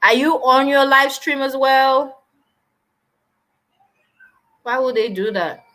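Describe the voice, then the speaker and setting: A woman's voice: sits high, takes it slowly, fairly bright tone. A young woman hosting a live stream, chatting casually and animatedly while answering viewer comments.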